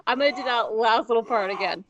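A woman's voice: fairly high pitch, fast, dull audio, a crowd in the background. A woman co-hosting a podcast in casual chat, giggly and self-deprecating, now and then swearing. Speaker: podcast co-host.

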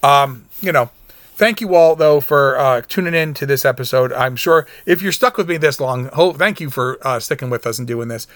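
A middle-aged man hosts a solo podcast in a rambling, conversational way, often restarting sentences, interrupting himself and growing emotional at times. His medium-pitched voice is fairly bright at a moderate pace, and there's no echo.

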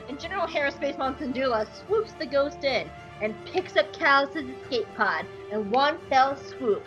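A woman hosting a podcast, recapping an episode in an animated, jokey way. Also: sits high, normal speed, highs cut off, music in the background. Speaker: podcast host.

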